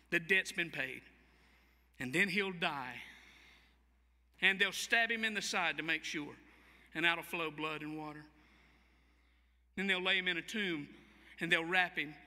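A Southern American man preaching a sermon in a church sanctuary, his high voice ringing with a very bright, forceful edge. He tells the story dramatically and voices each quoted line. The long hall reverb trails after his words. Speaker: pastor.

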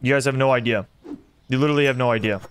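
A young man streaming a simulator game, commenting excitedly and talking to his chat as he plays. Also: medium pitch, rapid-fire, a little hiss or hum. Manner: excitable, talks to chat while playing. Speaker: gaming streamer. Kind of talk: live gameplay commentary.

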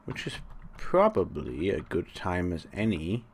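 Let's play host, male, deep and slow-spoken, dry sarcasm, rambles while he plays, faint hiss behind. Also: huge pitch swings. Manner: sarcastic, talks to the monsters; rambling, thinks aloud. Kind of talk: live gameplay commentary.

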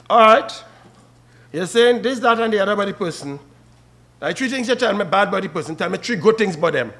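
A man's voice: sits high, quick pace, pushed and bright. A man with a Trinidadian accent preaching a funeral sermon and calling out to the mourners by name. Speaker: officiating minister at a funeral.

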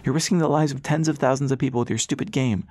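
A man's voice: medium pitch, steady tone, fast talker, darkish tone, no room sound, voice pushed up, lightly acted. A man voicing an earnest, impatient young woman in an audiobook, speaking in a clipped, exasperated way. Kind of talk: audiobook character voice.

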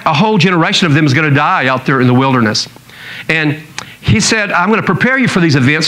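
A man's voice: on the high side, a bit bright, rough recording. A man pastor preaching a sermon in a conversational storytelling way, chuckling now and then.

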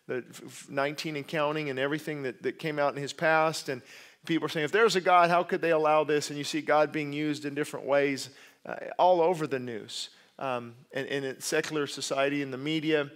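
A pastor preaches a sermon in a slightly high, fairly even voice at a fairly quick clip. He is emphatic, repeating key words and growing louder to stress his points, with conversational asides and self-corrections along the way.

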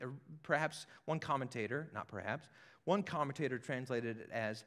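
A man preaching a sermon as pastor, animated and conversational, acting out scripture scenes. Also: medium pitch, moderate pace. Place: church sanctuary with balcony. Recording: echoey church hall.

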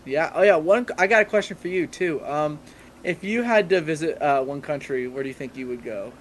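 A young man with a fairly high voice chats as a podcast guest, rambling through travel stories with plenty of "like" and "uh". His talk is loose and casual, with faint background noise in the recording. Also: a little fast. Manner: rambling, filler-heavy storytelling. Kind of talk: casual chat.

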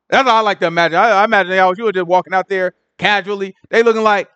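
Animated high-voiced man teaching scripture. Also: fast, no room sound. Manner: animated storytelling, acting out the scene in voices. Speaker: Bible study teacher. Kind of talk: casual Bible study teaching.

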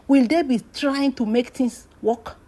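A woman's voice: high voice, fairly even intonation, a little slow, warm tone. A woman with a Nigerian Pidgin English accent telling celebrity gossip as a dramatic story, stretching out phrases, dropping into whispered asides and bursting into exclamations.

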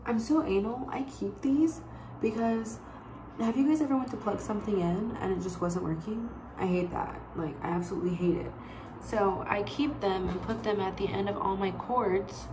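A woman talks straight to her viewers in a loose, rambling vlog style, leaning on "like" as she goes. Her voice sits at an ordinary pitch. The room around her is echoey, and a clear noise runs underneath. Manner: rambling, chatty, heavy use of "like". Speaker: vlogger. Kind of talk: casual vlog chat. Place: home bedroom.

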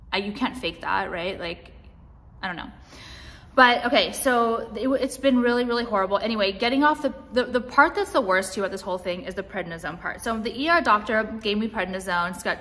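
A woman's voice: mid-range voice, bright, forceful tone. Rambling young woman vlogger, reverberant. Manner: rambling, many likes and restarts. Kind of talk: casual confessional vlog. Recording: long reverb.

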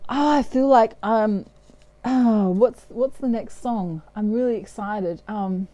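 Slow, mellow-voiced woman reading tarot. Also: on the high side. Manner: playful, breaks into snatches of song and laughs. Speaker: tarot card reader.

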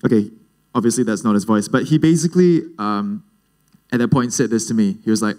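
A man's voice: on the low side, brisk. A man in his twenties with a Singaporean English accent, telling personal stories in a casual, jokey way at a youth leadership talk. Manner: casual, jokey, lively storytelling. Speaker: speaker at a youth leadership event.

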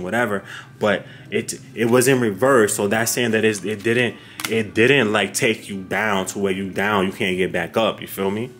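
A man giving a casual tarot card reading to his viewers, talking straight to them in a slangy, animated way. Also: fairly low pitch. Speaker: tarot reader.

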